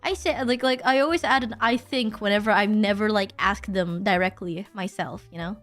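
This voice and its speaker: A woman's voice: medium pitch, normal speed, fairly bright tone, soft background music. A young woman streaming, chatting casually and rambling, with lots of restarts and self-deprecating asides. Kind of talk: casual livestream chat.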